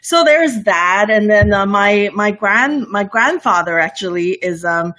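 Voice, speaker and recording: A woman's voice: medium pitch, expressive, a little slow, sharp tone. A woman in her thirties from Borneo, with a light Bornean lilt blended with mixed international English, chatting as a guest in a casual interview, full of fillers, restarts and giggles. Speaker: livestream cooking show host, guest.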